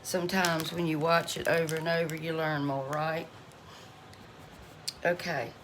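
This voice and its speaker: A woman's voice: low-pitched, little pitch movement, measured pace, noisy background. A middle-aged woman, chatting folksily to her cooking channel viewers at home, laughing often. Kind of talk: casual chat to viewers.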